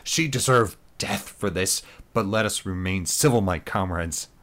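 A man reading aloud, voicing an unbalanced, manipulative male commander who speaks in forceful, declamatory speeches. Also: deep voice, measured pace, slight background noise. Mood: commanding.

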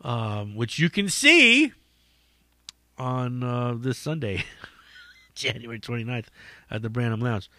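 A stand-up comic hosting a podcast rambles through stories in casual chat, swearing freely and laughing at his own jokes. His mid-range voice swings widely in pitch, sounding pushed and bright, and he talks slowly with long pauses. The recording has no room sound.

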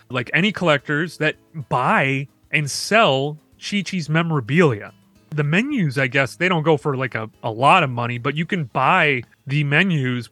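Casual podcast guy, bright tone, rattles off stories with laughs, dry sound, faint music under. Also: fairly high pitch, no echo. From Michigan. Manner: fast storytelling with laughs and asides. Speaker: podcast co-host.

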